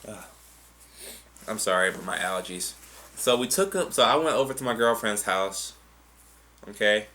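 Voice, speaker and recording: A young man with a medium-pitched, sharp voice responds to viewer questions in casual chat. He rambles, swears, and keeps things loose, often restarting.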